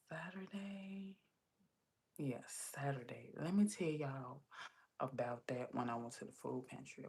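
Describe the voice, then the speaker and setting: Lady livestreaming, low gravelly voice, just chatting with her viewers. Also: darkish tone. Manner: chatty storytelling, talks straight to viewers. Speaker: livestream host. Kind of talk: casual livestream chat.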